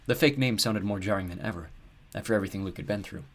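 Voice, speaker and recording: A man narrating an audiobook in a steady, measured storytelling voice. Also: lowish voice.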